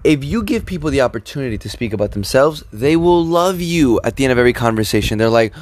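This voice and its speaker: A man co-hosting a podcast, giving social advice in a casual, animated and rambling way. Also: medium pitch, fast. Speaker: podcast co-host.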